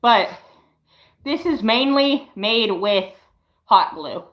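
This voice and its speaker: A young woman in her late teens chatting casually on a livestream, showing her craft work in a slow, hesitant way with lots of "um"s. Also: a little high, lively intonation, roomy sound, lo-fi sound. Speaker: livestreamer and fursuit maker.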